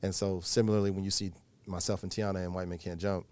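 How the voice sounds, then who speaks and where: A man with a fairly low voice talks quickly and eagerly, acting out the people in his stories as he goes. His sound is close and dry, with no room around it. He stops and restarts a lot, full of ums and repeated words. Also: dry recording. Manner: animated storyteller, acts out quoted exchanges; frequent fillers and restarts. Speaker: actor, interview guest. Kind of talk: casual interview talk.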